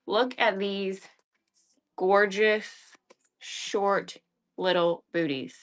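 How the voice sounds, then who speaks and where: A woman's voice: medium pitch, steady tone, very slow. A woman hosting a live shopping stream, chatting in an upbeat way as she shows off shoes and sets prices. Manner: chatty, upbeat selling patter. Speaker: live-selling host.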